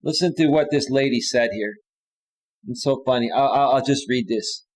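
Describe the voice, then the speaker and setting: A man's voice: mid-range voice, normal speed, poor audio. A man hosting a live stream, reading viewer comments aloud and answering them bluntly and dismissively. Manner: blunt and dismissive, with frequent restarts.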